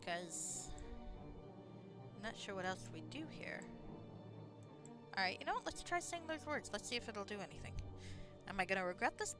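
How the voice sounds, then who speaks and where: A woman streams a video game with rambling, chatty commentary, laughing often and swearing casually. Her medium-pitched voice is sing-song at a normal speed with frequent pauses, and music plays in the background.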